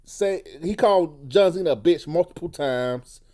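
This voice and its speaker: Exasperated ranting man, slightly high voice. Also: lively intonation, normal speed, mellow. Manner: sarcastic, exasperated, mocks in a high voice. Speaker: wrestling recap host. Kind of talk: angry rant.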